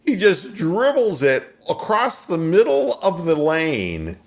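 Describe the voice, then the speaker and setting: Man, sports radio host, casual talk, very expressive pitch, storytelling. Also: slow pace, gravelly. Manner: animated storyteller, play-by-play retelling.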